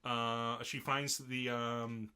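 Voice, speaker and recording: Young male podcast co-host, bright and forceful voice, lively scene-by-scene recapper. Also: mid-range voice, extremely slow, clear, resonant tone. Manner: animated, acts out character lines in shifting voices. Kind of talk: casual anime recap chat.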